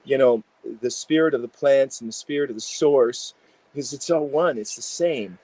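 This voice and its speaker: A man, an integration psychologist, telling animated stories in a casual interview with many fillers. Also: mid-range voice, moderate pace, no echo, low-quality recording.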